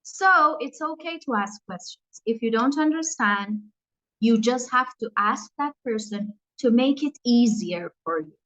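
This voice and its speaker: Lively woman teacher with an English accent. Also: a little high, measured pace, low-quality recording. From Iran. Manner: lively, encouraging, explains with examples. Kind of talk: online Q&A with students.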